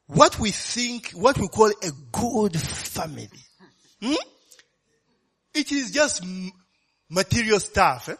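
Man, preaching, bright tone, lively pitch swings, chatty and animated. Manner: conversational, keeps asking "eh?" and "you know"; animated, laughs often. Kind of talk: sermon.

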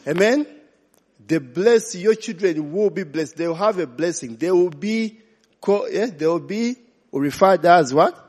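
A man's voice: sits high, measured pace, a little mellow. A man preaching a sermon, asking the congregation questions and slipping in Luganda phrases. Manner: call-and-response, asks congregation questions. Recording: long reverb of a large hall.

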